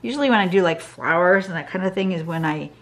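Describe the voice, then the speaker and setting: A woman's voice: lowish voice, fast talker. A woman giving a casual drawing tutorial, chatty and thinking aloud as she draws, sounding tired. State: tired, yawning. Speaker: drawing instructor. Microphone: camera over a drawing desk.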